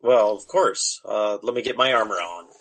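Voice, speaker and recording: Man at a tabletop game, husky, bright, lively pitch, slow and joking. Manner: joking, laid-back. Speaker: player. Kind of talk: casual tabletop play.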